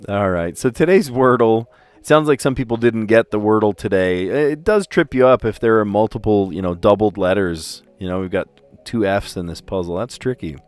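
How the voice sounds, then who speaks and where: Male stream host, lowish voice, casual and jokey puzzle recap, soft music bed. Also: moderate pace, few pauses, no room sound. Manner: chatty and playful, often laughing at his own stories. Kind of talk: casual chat recapping daily word puzzles.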